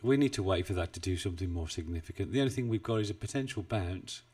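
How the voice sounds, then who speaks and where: A man's voice: low voice, animated, fast, darkish tone, breathy edge, far from the mic. A man chatting casually on a trading live stream, rambling and self-deprecating, with frequent chuckles. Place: home desk in the UK. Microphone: desk mic, not well placed.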